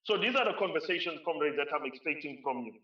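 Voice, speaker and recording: South African male keynote speaker, emphatic, pitched a bit high, roomy far-off lo-fi recording. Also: lively intonation, quick pace. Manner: emphatic, repeats phrases for stress. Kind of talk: conference keynote speech. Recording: roomy, distant, dull lo-fi sound.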